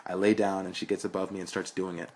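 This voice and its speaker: Low husky young man reading a story. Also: flat delivery, quick pace, a little mellow. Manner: frank, blunt, profane storytelling. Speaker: narrator.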